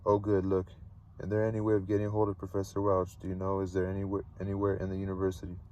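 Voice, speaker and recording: A man reading a composed, polite young woman's lines in his own low voice. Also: monotone, fast talker, mellow, muffled recording, a little hiss or hum, lightly acted.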